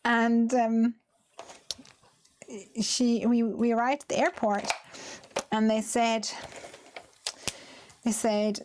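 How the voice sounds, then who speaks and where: A woman with a fairly high voice chats casually through a live crafting stream. She tells stories with frequent laughter and drops to quiet muttering as she colours. A faint hiss sits under the recording. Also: level tone, extremely slow, pauses often. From United Kingdom. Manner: chatty storyteller, laughs often, mutters quietly while working. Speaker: craft livestream host. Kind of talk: casual chat while crafting.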